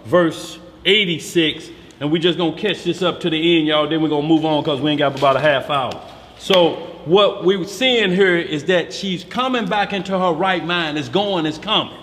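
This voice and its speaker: Lively preaching man in an echoey hall. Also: on the high side, normal speed. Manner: animated, acts out voices, African American Vernacular speech patterns. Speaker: Bible study teacher. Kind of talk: preaching Bible study. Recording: roomy hall echo, faint background noise.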